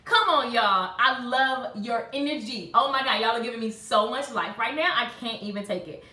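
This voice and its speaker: A woman's voice: on the high side, moderate pace, sharp tone, echoey room. A woman hosting a live stream, chatting with viewers and hyping them up. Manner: hyped, sings motivational chant, talks to commenters. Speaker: live-stream host and salon business coach.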